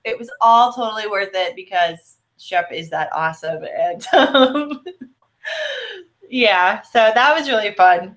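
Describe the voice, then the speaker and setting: A woman's voice: mid-range voice, slow, a bit bright. A woman co-hosting a casual chat, bubbly and chatty, laughing often, with a slight American Southern drawl. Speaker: co-host.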